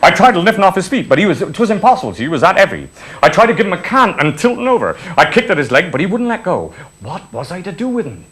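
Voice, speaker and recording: A man's voice: sits high, very animated, quick pace, a bit bright, breathy edge. A man, telling an old reminiscence in broad dialect with chuckles. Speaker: storyteller. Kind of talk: spoken reminiscence, folk tale.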